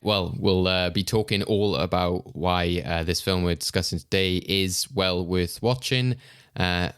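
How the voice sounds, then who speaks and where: A man's voice: sits low, smooth, no room sound, studio quality. A man hosting a casual podcast chat, loose and chatty, chuckling often. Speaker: podcast host.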